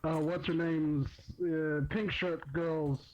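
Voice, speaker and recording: A man riffing in comedy banter, halting and restarting as he talks. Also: a little high, little pitch movement, muffled recording, a little hiss or hum.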